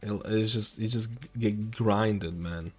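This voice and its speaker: A man's voice: lowish voice, fairly even intonation, slow pace, a little mellow, husky. A young man streaming live, answering viewer questions in a loose, rambling, chatty way. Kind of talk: casual live-stream chat. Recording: faint music behind.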